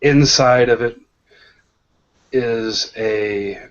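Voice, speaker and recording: A man narrating a tabletop role-playing game as game master, slow and hesitant, with many pauses and restarts. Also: medium pitch. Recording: dull lo-fi sound.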